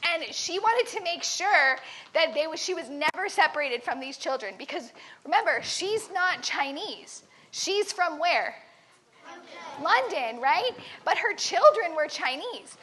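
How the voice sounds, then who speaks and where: Very high, bright woman telling a story. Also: a little slow, slight background noise. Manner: animated, dramatic, quizzes the listeners. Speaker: camp teacher. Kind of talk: storytelling to children.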